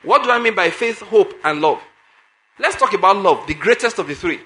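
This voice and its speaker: A male preacher with a high, bright, forceful voice. He preaches emphatically, circling back to repeated phrases and throwing questions at the congregation. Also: lively intonation, moderate pace, a little hiss or hum. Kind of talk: sermon.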